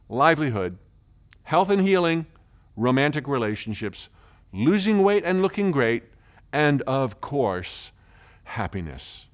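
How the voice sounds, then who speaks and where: Enthusiastic guy telling stories in a self-help course, voice bouncing all over. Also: fairly high pitch. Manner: animated, enthusiastic. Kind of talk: storytelling course talk.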